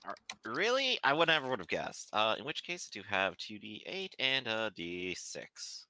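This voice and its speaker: A man's voice: on the low side, sing-song, normal speed, bright, forceful tone, no room sound. A man playing a tabletop game, making dry sarcastic remarks. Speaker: player.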